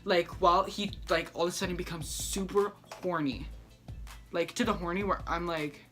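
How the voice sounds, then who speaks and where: A man's voice: sits high, normal speed, bright, forceful tone, soft background music. A young man telling a story in a casual vlog, sassy and dramatic, acting out each person he quotes.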